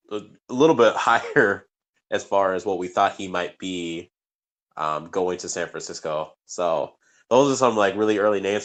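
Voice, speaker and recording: A man's voice: deep voice, a bit bright. A man co-hosting a sports podcast, talking casually and rambling with many fillers and restarts. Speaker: podcast co-host.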